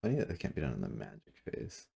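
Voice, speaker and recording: A very low, gravelly male voice with a husky edge, muses over a strategy game at his computer. His pitch roams widely as he thinks out loud, hedging and correcting himself mid-sentence, a little back from his desk mic. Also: wildly swooping pitch. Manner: musing, self-correcting, halting with fillers. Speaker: gameplay commentator. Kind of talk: casual game commentary. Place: room at a computer. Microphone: desk mic, sitting back from it.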